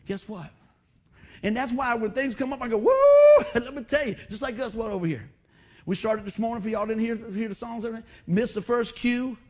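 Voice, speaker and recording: A middle-aged man preaching a sermon, repeating phrases and urging the congregation on. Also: high voice. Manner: emotional, repetitive exhortation with call-and-response asides. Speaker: pastor.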